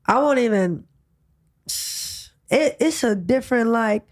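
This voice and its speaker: A young woman telling stories in a relaxed interview, slangy and animated, often asking "you know what I'm saying". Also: fairly high pitch, a little slow. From United States. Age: young adult. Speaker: guest, college athlete and rapper. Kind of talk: casual interview chat.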